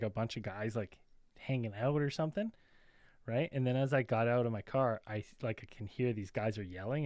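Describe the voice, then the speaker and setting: A man co-hosts a podcast in casual chat and tells a loose, rambling story. His voice sits at an ordinary pitch. The recording is close and dry. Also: darkish tone, dry recording. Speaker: podcast co-host.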